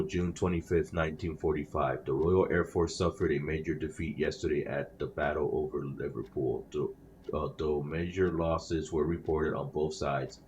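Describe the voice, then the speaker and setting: A man's voice: rumbling low, darkish tone, highs cut off, slight background noise. A man playing a game, reading in-game newspapers aloud with casual comments, often stumbling over words and correcting himself mid-sentence. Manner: self-conscious about reading aloud. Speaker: gamer playing a game on his channel.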